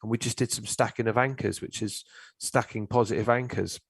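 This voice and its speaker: Man, middle-aged, low-pitched, dry sound, animated storytelling, casual chat. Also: fairly quick, creaky, husky, dry recording. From England. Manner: animated storytelling, swears freely. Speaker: guest, therapist.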